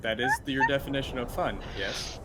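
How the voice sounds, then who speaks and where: A man voicing a newly made robot who talks in flat, earnest, overly literal questions, recorded with background hiss. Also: medium pitch, normal speed, pitched above the performer's own voice, close to an everyday voice.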